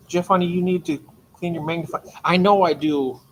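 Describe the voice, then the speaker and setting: An older man hosts a late-night livestream from his aquarium room. His voice sits a touch high, and he chats in a friendly way, greeting viewers by name. A faint hum of room noise runs under the talk. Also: steady tone, fairly quick. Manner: chatty, greets chat members warmly by name. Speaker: livestream host.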